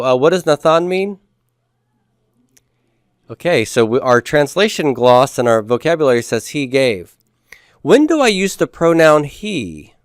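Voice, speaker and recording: A male teacher talking a class through Hebrew grammar, patient and plain, with the odd dry joke. His voice is smooth and resonant. The sound is dry and close, with no room echo. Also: mid-range voice. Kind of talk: classroom lecture.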